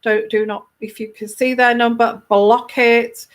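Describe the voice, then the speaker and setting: A woman's voice: a little high, level tone, unhurried. A woman tarot reader giving casual advice to a viewer, emphatic, often repeating herself and restarting her sentences.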